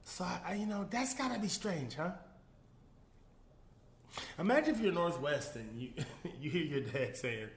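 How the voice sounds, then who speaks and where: A man hosting a casual solo commentary show, animated, laughing often and talking straight to his viewers. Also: a little high, measured pace, pauses often, roomy sound, slight background noise. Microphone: phone.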